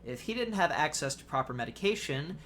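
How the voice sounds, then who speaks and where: A young adult man narrating a personal essay in a measured, wry storytelling manner. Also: fairly high pitch, sing-song, fairly bright tone, slight background noise. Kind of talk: reading a personal essay aloud.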